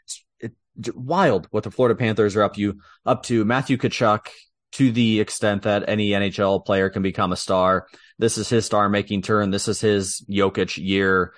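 A man with a fairly low, steady voice co-hosts a podcast at a moderate pace, recorded dry and clean in a studio. He chats casually about sports, sharing his opinions and laughing easily.

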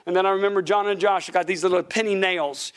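High-voiced man telling sermon stories. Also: quick pace, clear, resonant tone. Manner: animated storyteller, laughing and shouting at punchlines. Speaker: pastor. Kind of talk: sermon storytelling. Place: church sanctuary.

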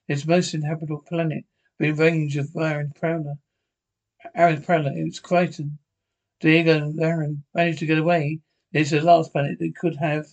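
A man voicing a calm alien priestess, reading her pleading lines in a hushed way. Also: on the high side, moderate pace, close to an everyday voice, poor audio. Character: calm blue-skinned alien priestess, gentle woman.

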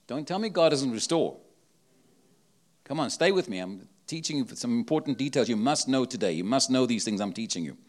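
A man's voice: mid-range voice, expressive, fairly quick. A man with an accent preaching a sermon, emphatic and full of rhetorical questions. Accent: non-local accent.

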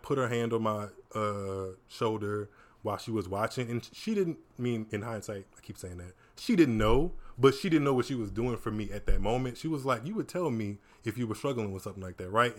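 A young man, telling personal stories as a podcast guest in a casual, animated way. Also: on the low side, normal speed. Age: 20s. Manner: animated, laughing storyteller. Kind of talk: casual chat, storytelling.

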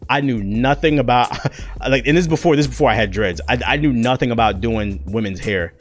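A man's voice: mid-range voice, fairly quick, faint music behind. A young man and content creator telling a personal story in a casual, profane, slangy way.

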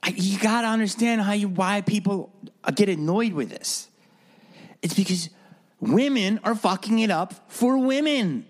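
A man hosting a solo podcast, talking bluntly and profanely, sometimes acting out other people's voices. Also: a little slow. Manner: animated, swings between low mutters and high mock voices. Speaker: podcast host. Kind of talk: opinionated solo podcast rant.

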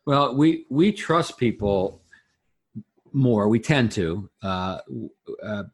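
A man speaking as an interview guest, giving conversational advice through folksy, animated examples. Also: lowish voice, slow pace, breathy edge, no room sound, clean studio sound. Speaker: interview guest, referral coach.

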